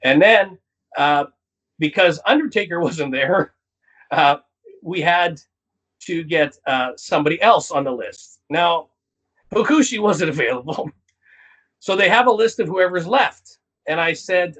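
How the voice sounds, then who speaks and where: Man, from canada, comedian guest, animated storyteller, breathy voice, higher pitch. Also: unhurried, pauses often, low-quality recording. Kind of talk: casual storytelling interview.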